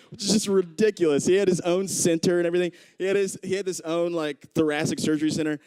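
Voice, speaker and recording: Animated male stand-up comedian, smooth voice. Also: fairly quick, no room sound. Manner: animated, acts out quoted people with big pitch jumps. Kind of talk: live stand-up storytelling. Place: live comedy club stage.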